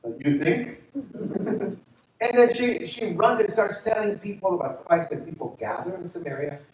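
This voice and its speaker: A man's voice: sits high, lively intonation, normal speed, darkish tone. A man preaching a sermon as pastor, chatty and joking, asking the congregation questions. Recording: echoey hall, distant mic.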